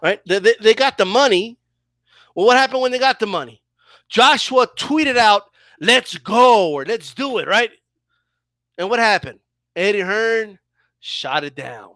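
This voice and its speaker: A man's voice: high-pitched, animated, a little slow, long pauses, a bit bright, no echo. Fired-up man ranting about boxing. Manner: fired up, repeats "okay?" and "right?". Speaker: boxing commentator. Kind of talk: heated opinion rant.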